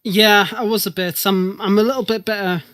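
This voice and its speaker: A man's voice: high voice, steady tone, fairly quick, a bit bright, no room sound, studio quality. A man co-hosting a podcast who chats casually and laughs easily. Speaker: podcast co-host. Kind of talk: casual chat.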